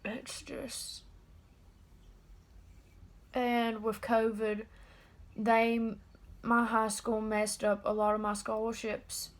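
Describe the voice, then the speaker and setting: An eighteen-year-old woman talking straight to camera in a personal confessional vlog, subdued and halting. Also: fairly high pitch, monotone. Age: about 18. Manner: subdued, halting and openly emotional. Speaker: vlogger.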